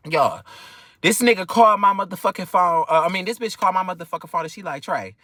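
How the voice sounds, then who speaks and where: A young man from Detroit with a Detroit accent, telling a personal story in an animated, profane way with many filler phrases. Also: high-pitched, fast, no room sound, clean studio sound. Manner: animated, profane, keeps repeating "whatever the case may be". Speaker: vlogger. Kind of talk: casual storytime.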